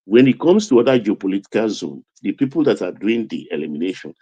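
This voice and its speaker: A man's voice: on the low side, big pitch swings, fast talker, warm tone, dry recording, highs cut off. A man with a Nigerian accent giving emphatic political commentary, pressing his points with rising intensity. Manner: emphatic, building to raised intensity.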